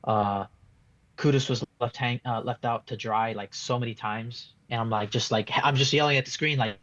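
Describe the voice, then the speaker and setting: A man's voice: medium pitch, fairly even intonation, normal speed, fairly bright tone, no echo, highs cut off. A man giving a casual post-match fan reaction, rambling and frustrated, full of restarts and "like" fillers. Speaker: football fan being interviewed.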